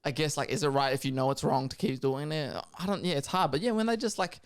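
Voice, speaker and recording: A young man co-hosting a podcast in casual chat, rambling and joking, laughing often and jumping between mumbles and loud bursts. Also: fairly high pitch, fast, clear, resonant tone. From Australia. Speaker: podcast co-host.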